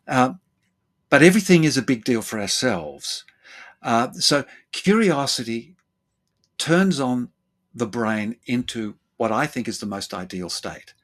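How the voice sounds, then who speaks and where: Guy therapist chatting, keeps acting out what people say, lots of ums and restarts. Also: measured pace. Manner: animated, acts out other people's lines with jumps in pitch; thinks aloud with fillers and repeated words. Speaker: therapist and guest. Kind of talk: conversational explanation.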